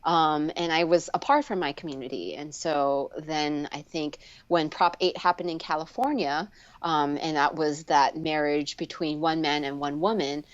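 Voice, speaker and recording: A woman speech pathologist telling her personal story candidly as a guest in a live online interview, with lots of fillers and restarts, jumping high when she acts out what others said. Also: no echo, muffled recording. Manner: animated, acts out quoted voices with sharp upward leaps and laughter; frequent fillers and restarts, slows down on heavy moments. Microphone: video call.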